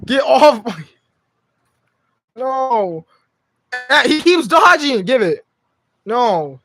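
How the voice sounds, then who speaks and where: A man's voice: very high voice, big pitch swings, very slow, a bit bright, soft background music. A young man live streaming from home on his phone, chatting to his cat in slangy, profane speech. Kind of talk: casual live stream chat.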